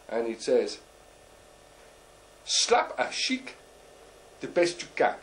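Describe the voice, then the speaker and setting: A man playing a bumbling, boastful male deep sea diver who tells a comic story in halting, broken English, rambling and full of fillers. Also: a little hiss or hum. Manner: rambling, full of "uh" and "you know". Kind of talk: character stand-up monologue.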